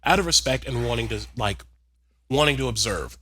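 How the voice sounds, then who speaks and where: Male podcast co-host, bright and sharp-toned, sassy, quick with asides. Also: mid-range voice, lively intonation, slight background noise. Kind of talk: casual podcast chat.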